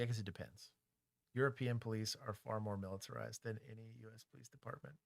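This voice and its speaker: A middle-aged former police officer with a Texan accent, co-hosting a casual livestream chat in a candid, joking way. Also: male voice, medium pitch, dry recording, studio quality. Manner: candid, joking, talks things through aloud.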